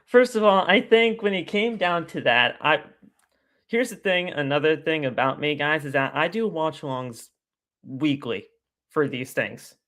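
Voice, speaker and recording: A man appears as a guest on a casual live stream, talking at length in an animated, rambling style and repeating his stock phrases. His voice is on the high side and a little slow.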